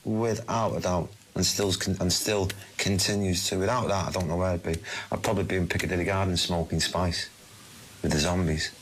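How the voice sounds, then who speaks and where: A man's voice: low voice, flat delivery, brisk. A man in his forties with a Mancunian accent, guest in a casual interview, talking bluntly with plenty of swearing. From Manchester, England. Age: 40s. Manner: blunt, swearing, laddish storytelling. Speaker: musician guest.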